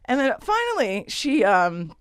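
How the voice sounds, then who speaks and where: A woman on a podcast telling a wild personal story in a casual comedic way, animated and profane, slipping into other people's voices as she goes. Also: fairly high pitch, a little slow, no echo, clean studio sound.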